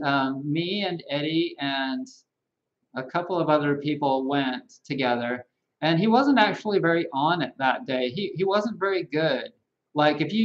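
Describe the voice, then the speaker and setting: A man hosting a casual live-stream monologue as a holistic health practitioner, chatty and animated, laughing at his own jokes. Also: fairly high pitch, muffled recording.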